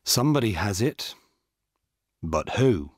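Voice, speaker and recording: A man's voice: lowish voice, sing-song, takes it slowly, very noisy. A man reading the part of a male police officer, firm and in charge, giving orders. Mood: steady.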